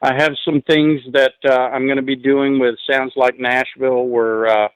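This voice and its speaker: A man from New Jersey, a musician guest in a casual interview, talking in a relaxed, rambling way with many fillers. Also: mid-range voice, moderate pace, clear, resonant tone, dry recording, lo-fi sound. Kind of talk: casual interview over the line.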